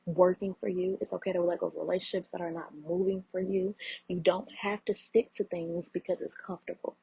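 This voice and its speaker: A woman's voice: lowish voice, vocal fry, mellow, husky, dry recording. A woman in her thirties hosting her own podcast, speaking earnestly and preaching encouragement, with a habit of repeating phrases for emphasis. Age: 30s. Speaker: podcast host. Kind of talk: heartfelt solo podcast talk. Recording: muffled lo-fi audio.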